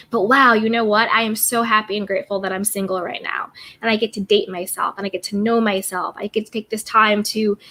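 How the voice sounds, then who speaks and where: A woman's voice: medium pitch, a bit bright. A woman hosting a casual self-care livestream, greeting viewers from the chat and repeating upbeat affirmations. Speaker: livestream host reading chat.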